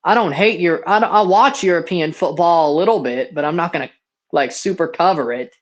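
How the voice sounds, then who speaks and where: On a muffled recording, a 21-year-old man from Mississippi talks a little fast in a slightly high voice while hosting a livestream watchalong. His near-Southern American accent carries blunt, slangy, rambling chat as he calls plays.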